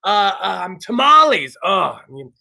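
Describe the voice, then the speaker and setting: A high, bright-voiced man hosting a loose talk show, shouting out sponsor plugs with swearing and excitable energy. His pitch jumps all over the place, and his tone stays sharp and forceful. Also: unhurried, vocal fry. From South Texas. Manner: loud, excitable and profane, bursting into shouts.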